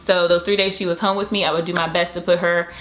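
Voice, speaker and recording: A woman's voice: fairly low pitch, level tone, quick pace, a bit bright, faint music behind. A young woman talking casually about raising her toddler in a home vlog, chatty and upbeat, with cheering bursts. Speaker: mom vlogger.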